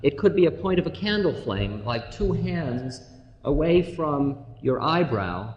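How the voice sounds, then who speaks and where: A man giving an informal spiritual talk to an audience, telling stories with humor and slow, drawn-out phrases. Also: on the high side, big pitch swings, dull audio. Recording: reverberant hall, faint noise.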